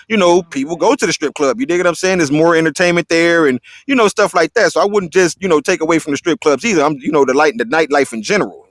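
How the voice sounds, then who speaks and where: La guy hosting a chill interview, talks fast and slangy, dry close sound. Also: a little high, no echo. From South Central Los Angeles. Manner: laid-back slangy talk, keeps asking "you feel what I'm saying". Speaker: interview host. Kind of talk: casual interview chat.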